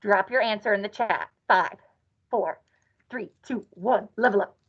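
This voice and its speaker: A woman's voice: mid-range voice, measured pace, husky. A woman teaching an online class in a playful, sing-song way with cowgirl cheers. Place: classroom or office. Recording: dull lo-fi sound.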